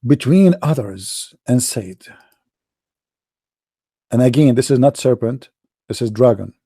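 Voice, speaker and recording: A man giving mocking, sarcastic livestream commentary as a religious debate streamer, dropping into dramatic hushed asides. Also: mid-range voice, expressive, slow pace, breathy edge.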